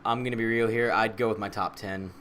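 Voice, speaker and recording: A man hosting a casual podcast chat, asking questions in a playful, animated way. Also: fairly low pitch, a little fast, slight background noise. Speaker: podcast host.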